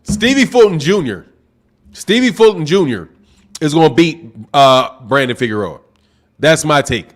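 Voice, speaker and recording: Loud excitable high-voiced man projecting hard. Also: measured pace. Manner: loud, projecting, excitable, says bro a lot; reads super chats aloud. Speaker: boxing channel host. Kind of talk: live-stream boxing talk. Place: home live stream, sipping drinks.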